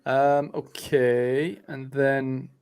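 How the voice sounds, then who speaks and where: A man's voice: mid-range voice, little pitch movement, very slow, darkish tone, clean tone. A man hosting a casual podcast chat, rambling with lots of fillers and restarts. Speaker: podcast host.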